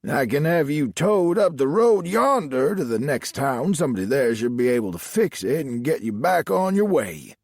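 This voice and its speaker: A man voicing a suspicious, folksy sheriff, a little husky and raised from his reading voice. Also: mid-range voice, very animated, normal speed, hardly any pauses, darkish tone, dry recording, pitched above the performer's own voice. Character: drawling southern male sheriff, suspicious and folksy.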